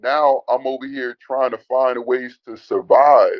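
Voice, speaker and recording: A heated man tells his side bluntly, cursing and calling the host bro. His voice comes through dull, lo-fi call audio with no room sound, at a middle pitch. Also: steady tone, a little slow, dry recording. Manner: blunt, heated, swears, says bro a lot. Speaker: interview guest, former student. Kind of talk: emotional interview on a call.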